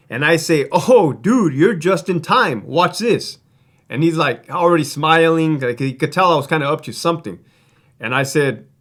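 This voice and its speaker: A man's voice: on the high side, fairly bright tone. Blunt, swearing man spinning a story. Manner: blunt, profane, conversational with many fillers. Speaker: former prison guard telling stories. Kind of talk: casual storytelling to camera.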